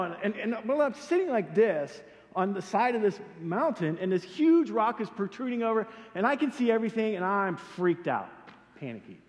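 A middle-aged man preaching and telling a story, animated and self-deprecating as he acts out his own panic. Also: high voice, normal speed. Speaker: pastor. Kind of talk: sermon storytelling. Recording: hall with long reverb.

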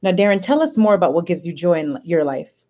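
A woman hosting a podcast interview, warmly affirming her guest with short responses. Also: on the low side, animated, quick pace. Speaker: podcast host.

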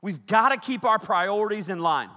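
Bright-voiced youth pastor in a reverberant hall. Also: male voice, high-pitched, normal speed. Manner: animated storytelling, shouting quoted lines, frequent laughs. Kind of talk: youth sermon. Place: large hall with a big audience. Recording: echoey hall with long reverb.

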